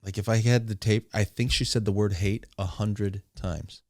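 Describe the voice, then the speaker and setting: A man's voice: fairly low pitch, fairly even intonation, normal speed, a little mellow, no echo. A man casually telling a long story, rambling with crude asides and laughs. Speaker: streamer.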